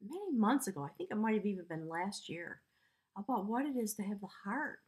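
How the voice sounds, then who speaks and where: A woman's voice: mid-range voice, a little mellow, husky. A woman giving a spiritual tarot reading, earnest and emotional, rambling with fillers. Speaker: tarot reader.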